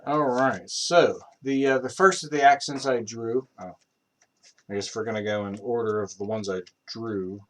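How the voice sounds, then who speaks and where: A man's voice: on the low side, normal speed. A young man on a live stream who rambles casually, with many fillers and restarts. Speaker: streamer practicing accents.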